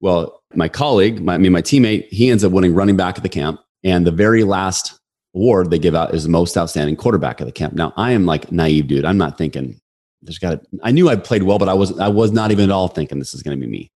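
A man in his forties, a podcast guest, telling a story in a casual interview, animated and acting out the quotes. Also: deep voice. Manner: animated, fast storyteller who acts out quotes.

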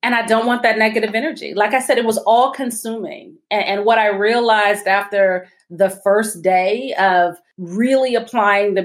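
Reflective woman guest, medium pitch. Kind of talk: reflective storytelling in an interview.

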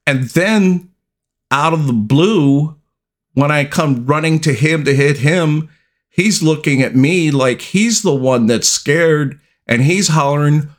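A middle-aged man hosting a podcast, telling a personal story in a slow, deliberate way with long pauses. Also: fairly high pitch. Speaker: podcast host.

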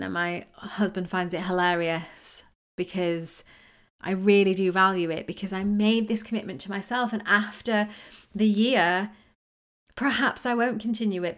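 A woman's voice: medium pitch, a bit bright. A woman hosting a solo podcast on manifesting, talking in a chatty, rambling, self-mocking way. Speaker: podcast host.

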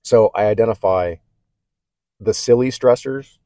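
Speaking a little slowly in a fairly low, dark voice, the host of a casual self-help podcast reflects candidly on his own. He stammers through restarts and keeps asking "okay?" in a conversational manner, with no echo on the recording.

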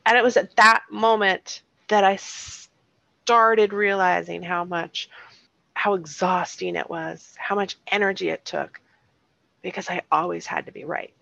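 A woman's voice: lowish voice, unhurried, gravelly, sharp tone, no echo, dull audio. A middle-aged woman hosting a solo podcast, telling personal stories in a candid, self-deprecating way. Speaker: podcast host.

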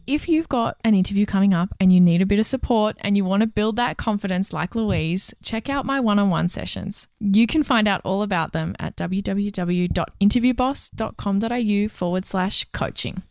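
A woman's voice: medium pitch, moderate pace, few pauses, darkish tone, no room sound, clean studio sound. A woman, a career coach co-hosting a podcast, giving direct advice in casual chat. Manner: direct, advising, explains points in steps.

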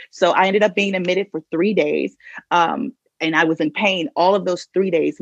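A woman guest on a podcast, telling a personal story with vivid, animated retelling, recorded a little dull and lo-fi. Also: lowish voice, slightly rough, dry recording.

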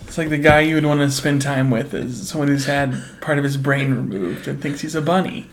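Dry-witted man with quick quips. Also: medium pitch, slight background noise. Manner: dry quips and short interjections. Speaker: podcast co-host. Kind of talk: casual chat.

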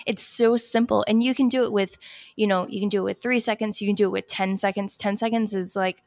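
Brief: woman, hairstylist guest, slight vocal fry, dry close sound, calm counting, chatty filler-heavy talk. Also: mid-range voice, fairly quick, no room sound. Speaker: hairstylist guiding breathing exercises. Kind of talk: casual podcast chat with guided breathing.

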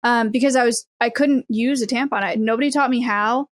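A young woman with a fairly high voice talks candidly in casual podcast chat. Her voice sounds close and dry, and she strings confessional thoughts together one after another. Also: fairly even intonation, a little fast, dry recording. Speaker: podcast co-host.

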